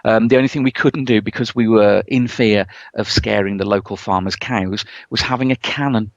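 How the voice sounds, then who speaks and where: A man's voice: fairly low pitch, fairly even intonation, moderate pace, dry recording. A man, co-hosting a podcast, telling a story enthusiastically with lots of "um" and "you know". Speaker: podcast co-host. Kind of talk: casual chat. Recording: dull, lo-fi podcast audio.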